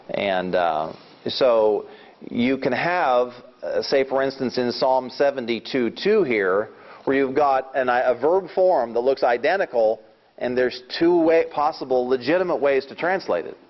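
A man giving an informal Bible lesson, explaining his points step by step and thinking aloud, often restarting his sentences. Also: medium pitch. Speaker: Bible study teacher. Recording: dull lo-fi recording.

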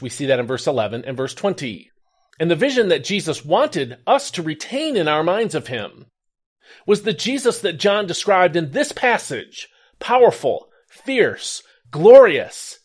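A man hosting a daily Bible devotional, reading a scripted reflection with earnest emphasis on key words. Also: on the high side. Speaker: devotional host.

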